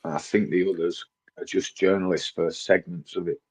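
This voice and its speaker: A man's voice: low-pitched, little pitch movement, normal speed, a little mellow, slightly rough. A man, co-hosting a casual podcast, teasing in a dry, wry way. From northern England. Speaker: co-host.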